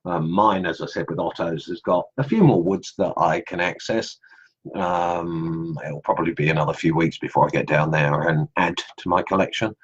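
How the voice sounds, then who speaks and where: A middle-aged Englishman speaks in a low, slightly breathy voice at a normal pace, his Australian accent still carrying traces of English. He hosts a casual online group live stream, rambling through viewer comments with plenty of ums. The computer mic gives the audio a dull quality.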